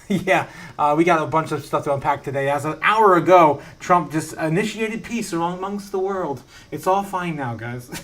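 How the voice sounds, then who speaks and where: On a casual live stream from his home studio, a man with a slightly bright voice pitched on the high side reads out viewer messages. His talk rambles, with frequent laughs, many fillers, and restarts.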